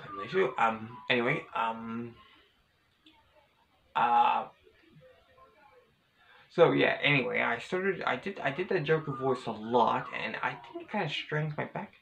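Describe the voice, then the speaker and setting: Gravelly-voiced man rambling a story. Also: medium pitch, lively intonation, measured pace, pauses often, bright, forceful tone, slight background noise, rough recording. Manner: rambling, hesitant, many restarts and fillers. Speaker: vlogger. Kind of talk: casual storytelling to camera.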